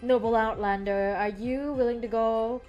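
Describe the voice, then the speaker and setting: A woman voicing an ancient cosmic watcher, reading game lines in a grand, slow, formal manner. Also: on the high side, fairly even intonation, dull audio, faint music behind, close to an everyday voice. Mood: solemn. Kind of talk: reading game dialogue aloud.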